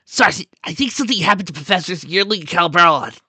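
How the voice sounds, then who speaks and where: A man plays a nervous middle-aged colonel in a storybook reading, fretting in a bright voice that trails away at the ends of lines. The sound is close and dry. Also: high voice, lively intonation, fast talker, slightly rough, no room sound, pitched above the performer's own voice, full character voice. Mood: worried.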